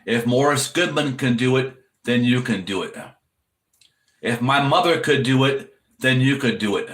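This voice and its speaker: A man's voice: medium pitch, animated, moderate pace, fairly bright tone, roomy sound. A man preaching an earnest sermon-style encouragement straight to the viewer, repeating his points to drive them home. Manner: earnest, repetitive exhortation addressed to the viewer.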